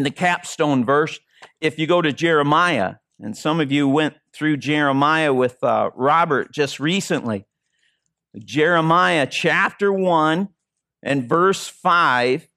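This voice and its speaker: A man's voice: a little high, a bit bright, no echo, clean studio sound. A man preaching a sermon as interim pastor, earnest and repeating phrases for emphasis. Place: church.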